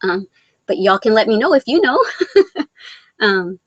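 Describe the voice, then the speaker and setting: A woman from Mexico chats through a live vlog, reading viewer comments aloud and answering each at length. She rambles, turns sentimental and pokes fun at herself, in a middle-pitched voice recorded close and dry with no room sound. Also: big pitch swings, a little slow, breathy edge, no room sound, highs cut off. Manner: rambling, sentimental, self-deprecating. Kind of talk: casual live-stream chat.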